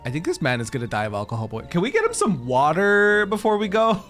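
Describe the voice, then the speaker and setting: A playful young man streaming a game, chatting and joking with excited, lively swings in his fairly high voice. Faint game music plays underneath his talk. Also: fast talker, few pauses. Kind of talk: casual gameplay commentary.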